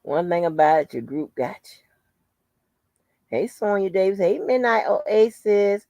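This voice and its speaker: A woman's voice: medium pitch, unhurried, warm tone, no room sound, lo-fi sound. Blunt, profane woman chatting on a live stream. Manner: greets viewers by name, blunt and profane. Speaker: channel host. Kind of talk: casual live-stream chat.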